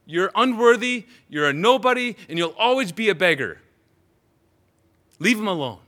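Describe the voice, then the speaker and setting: An angry crowd scolds a beggar in a loud, harsh, raised voice, as a preacher acts it out. The tone is sharp and contemptuous. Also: male voice, sits high, sing-song, normal speed, voice pushed up, heavily acted. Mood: scolding.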